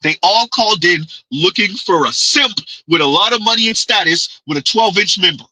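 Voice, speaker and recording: Guy ranting on his livestream, high bright voice kinda husky, very dry sound. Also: expressive, moderate pace, no echo, poor audio. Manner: emphatic, repetitive, refers to himself in third person. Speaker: livestream host. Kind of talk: commentary livestream.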